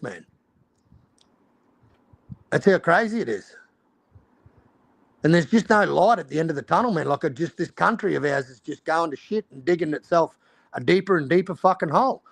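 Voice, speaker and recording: Brief: Australian man, high and gravelly voice, ranting and swearing. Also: expressive, normal speed, long pauses, dry recording. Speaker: stream host. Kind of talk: casual chat.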